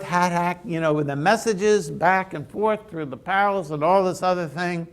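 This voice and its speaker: A man's voice: on the high side, vocal fry. A man preaching a sermon in a conversational, storytelling way. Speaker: pastor.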